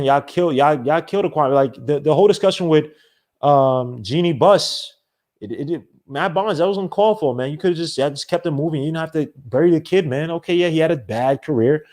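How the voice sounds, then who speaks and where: A man hosting a sports podcast, ranting in a rambling, animated way with many restarts. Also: on the high side. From not from the American South. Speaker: podcast host. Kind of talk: casual solo sports talk.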